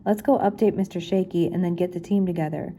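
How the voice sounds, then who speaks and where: A woman's voice: lowish voice, fairly even intonation, fast talker, mellow, a little hiss or hum, close to an everyday voice. An older woman reading aloud, giving a confident young man's lines in her own voice. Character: confident young man leading the gang.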